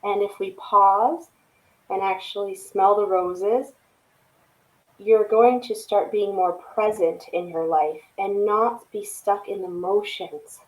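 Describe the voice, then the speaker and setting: A woman's voice: mid-range voice, steady tone, takes it slowly, low-quality recording. Earnest woman guest on a podcast. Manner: earnest, reflective, frequent "right?" tags. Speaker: guest, poet and author. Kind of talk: casual interview chat.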